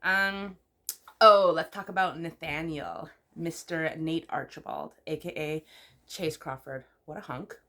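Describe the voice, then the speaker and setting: Woman, slightly low voice, chatty, opinionated, filler-heavy, sudden high exclamations. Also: measured pace, a bit bright. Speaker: YouTuber. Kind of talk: casual chat, rating TV couples.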